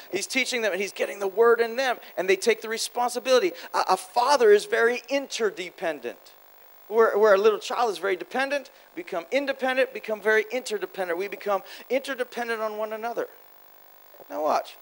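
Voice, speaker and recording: A man preaching a sermon at a church conference, animated, swinging between loud exclamations and quiet asides, quick and repeating himself. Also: sits high, poor audio. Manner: quick, with repeated words and restarts. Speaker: guest preacher.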